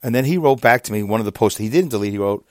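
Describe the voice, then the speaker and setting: A man in his fifties, a podcaster, telling a long casual story about an online argument, exasperated and animated, his voice often jumping up high. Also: rapid-fire, no room sound, studio quality. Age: 50s. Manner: animated, exasperated, with sudden jumps up in pitch; reads out messages.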